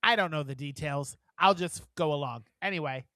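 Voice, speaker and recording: A man's voice: a little high, moderate pace, pushed and bright. A tired man co-hosting a podcast, chatting in a rambling, giggly way with lots of fillers. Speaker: podcast co-host. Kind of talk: casual chat.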